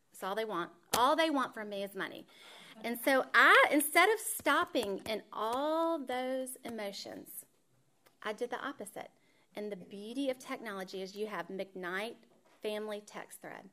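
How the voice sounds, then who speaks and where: Animated woman teaching, slightly high voice. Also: moderate pace. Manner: animated storytelling, acts out voices in quotes, says "y'all". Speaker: women's Bible study teacher. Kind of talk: teaching talk with personal story.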